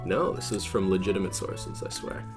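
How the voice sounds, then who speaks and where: A man's voice: deep voice, moderate pace, music in the background. A Canadian man co-hosting a vlog, teasing and joking and laughing often. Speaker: vlog co-host. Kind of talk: casual comedic chat.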